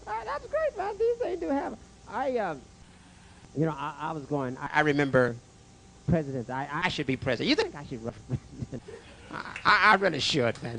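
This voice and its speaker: A man doing a stand-up comedy set in a club, jokey and animated, stammering through restarts and bantering with the crowd and the waiter. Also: on the high side, gravelly, background noise.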